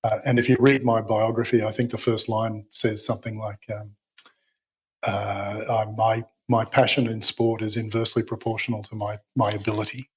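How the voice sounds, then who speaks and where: Husky-voiced man chatting as a guest. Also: fairly low pitch, little pitch movement, normal speed, low-quality recording. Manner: hesitant, many fillers and restarts, self-deprecating. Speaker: podcast guest, entrepreneur. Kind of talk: casual interview chat.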